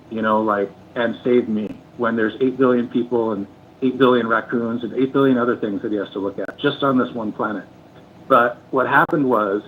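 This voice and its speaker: An older man calling in, recounting his turn away from drinking in an earnest, halting way, close to tears. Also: mid-range voice, slight background noise. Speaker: call-in guest. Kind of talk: emotional personal testimony. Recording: tinny phone line.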